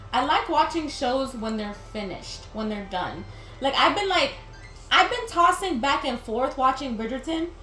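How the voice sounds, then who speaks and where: Playing a video game, a young woman who hosts gaming videos keeps up a loose, laughing ramble packed with "like." Her voice sits high with a fairly bright tone. There's a little hiss or hum, and the recording sounds roomy with game music underneath.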